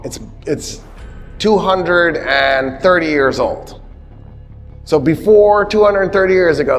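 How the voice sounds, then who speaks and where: A man giving a history lecture, telling it as a lively story with humorous asides and acted-out quotes. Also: fairly high pitch, in a large hall. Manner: animated storytelling, acting out quotes with shouts.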